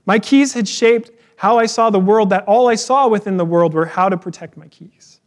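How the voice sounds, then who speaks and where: A man preaching a sermon in a relaxed, conversational way, weaving in personal stories. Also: high voice, normal speed. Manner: conversational, storytelling with personal anecdotes. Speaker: pastor.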